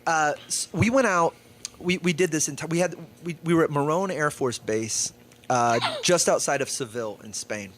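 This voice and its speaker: Animated man telling a road story. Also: fairly high pitch, moderate pace. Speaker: comedian and podcast co-host. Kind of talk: casual storytelling.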